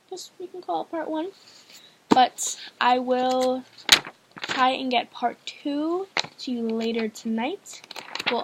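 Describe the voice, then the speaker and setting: A woman's voice: fairly high pitch, a little hiss or hum. A woman reading a novel aloud in a casual, hesitant way, often stumbling and restarting lines. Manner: hesitant, frequent restarts and fillers. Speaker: audiobook reader, channel host.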